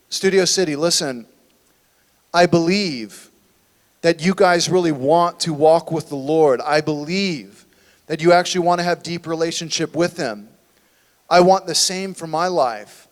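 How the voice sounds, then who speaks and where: A man's voice: a little high, moderate pace, long reverb tail. A man preaching a sermon as a church pastor, conversational and full of rhetorical questions. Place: church sanctuary.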